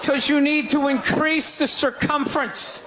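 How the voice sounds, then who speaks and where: A high-voiced stand-up comedian rants loudly and with exasperation on a comedy club stage, breaking into sudden shouts though his tone stays steady and unhurried. The live club recording is noisy, with loud laughter from the crowd.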